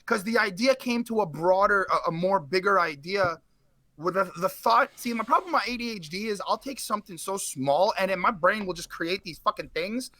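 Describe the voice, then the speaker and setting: A man, a guest in a casual interview, telling a story in an animated, slangy way with swearing. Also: high voice, brisk, dry recording.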